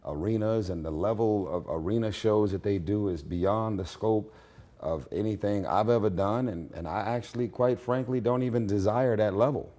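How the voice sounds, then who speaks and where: A man with a raspy voice giving blunt, confident opinions in a candid interview at his home. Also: lowish voice, moderate pace, dark tone. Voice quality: raspy, gravelly voice. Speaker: interview guest, singer.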